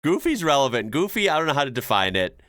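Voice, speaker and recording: A man's voice: medium pitch, sing-song, fast, fairly bright tone, dry recording, clean studio sound. A man hosting a reaction video, chatting casually with lots of fillers and laughs. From United States. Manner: laid-back, chuckles often, explains with many fillers.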